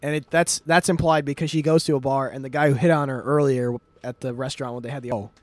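A man's voice: medium pitch, fairly even intonation, fast, no room sound. A man casually retelling a plot in a rambling way, laughing often and swearing freely. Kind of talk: casual chat.

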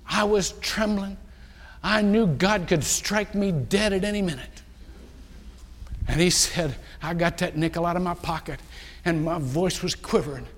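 A man preaches from the pulpit, spinning a story and acting out the people in it with animated energy. His voice sits high for a man. The sound rings with the long reverb of a large church sanctuary. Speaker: pastor. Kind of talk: sermon storytelling.

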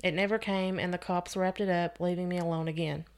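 On her podcast, a woman reads a scary story aloud, expressive and occasionally restarting phrases. Her voice is on the low side, steady, brisk, and a little mellow.

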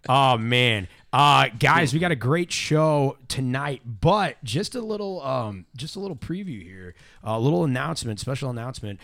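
Male podcast host, bright and dry, loose joking delivery full of fillers. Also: medium pitch, lively intonation, normal speed, few pauses, dry recording. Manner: rambling, jokey, lots of fillers. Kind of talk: casual podcast banter.

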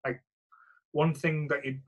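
A man's voice: fairly high pitch, level tone, measured pace, dull audio. A man in casual film chat, easygoing and hesitant with many fillers.

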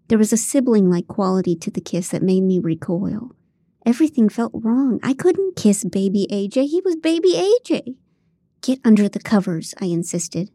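A woman's voice: medium pitch, mellow, no room sound. A woman narrating a first-person audiobook in a dry, comic way on a close studio mic.

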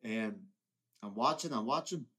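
Young guy doing a solo podcast, rambles a lot, keeps restarting, gets worked up, mid-pitched voice. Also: measured pace, bright, forceful tone. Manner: rambling and heated, many restarts. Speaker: podcast host. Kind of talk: casual solo monologue.

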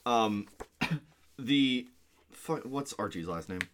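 A man's voice: mid-range voice, animated, takes it slowly, fairly bright tone, slight background noise. A man co-hosting a podcast in casual chat, exasperated and swearing heavily. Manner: profane, exasperated, heavy swearing. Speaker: podcast co-host.

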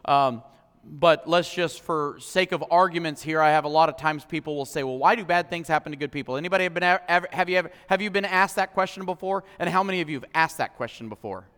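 A man preaching a sermon as pastor, impassioned, swinging from loud declarations to hushed, personal moments. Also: a little high, brisk, clear, resonant tone. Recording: long hall reverb.

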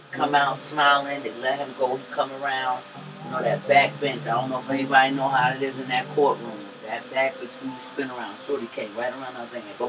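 A woman co-hosting a podcast, telling a personal story in a loose, profane, animated way and laughing often. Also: rumbling low, distant mic, poor audio. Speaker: podcast co-host. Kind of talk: casual storytelling chat.

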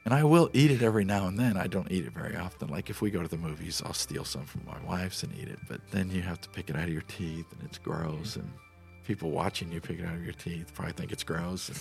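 A man's voice: sits low, quick pace, gravelly, a little mellow, soft background music. A middle-aged man from Nebraska, a guest in a casual interview, telling rambling, easygoing stories about food.

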